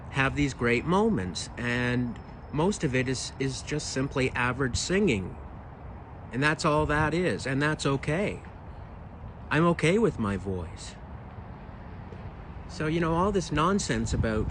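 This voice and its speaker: Weathered-voiced man ranting slowly outdoors. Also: medium pitch, lively intonation, background noise. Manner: frustrated, emphatic, rhetorical questions. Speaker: singer and video creator. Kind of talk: casual vlog rant.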